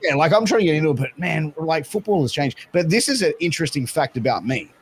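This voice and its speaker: A man's voice: a little high, animated, fast talker, a crowd in the background. A man hosting a podcast, chatting casually and rambling through stories with lots of restarts and fillers. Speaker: podcast host. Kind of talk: casual chat.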